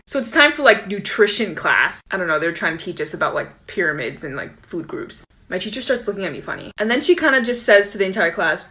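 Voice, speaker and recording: A woman telling a childhood story time in a casual, animated, playful way. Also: mid-range voice, quick pace.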